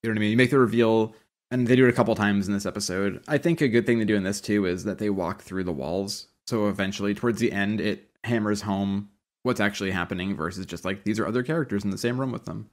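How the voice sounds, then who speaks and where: A man's voice: lowish voice, quick pace. Joking male podcast co-host. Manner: joking, playful. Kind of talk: casual chat.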